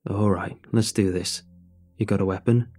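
A man's voice: on the low side, steady tone, moderate pace, mellow, faint music behind, lightly acted. A man voicing Gary, a blunt, wry, seasoned man in a horror story.

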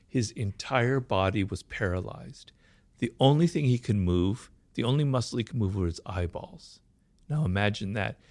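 Fast-talking man with a gravelly voice. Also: medium pitch, no room sound. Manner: animated, talks fast, asks rhetorical questions. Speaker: author and interview guest. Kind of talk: casual interview explanation.

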